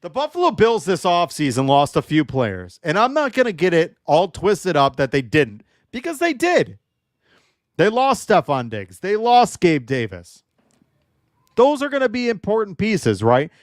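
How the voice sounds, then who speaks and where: A man's voice: sits high, wildly swooping pitch, unhurried, no room sound, studio quality. Fired-up man ranting about football. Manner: emotionally charged, ranting, joking with chat. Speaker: sports show host. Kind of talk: livestream football analysis.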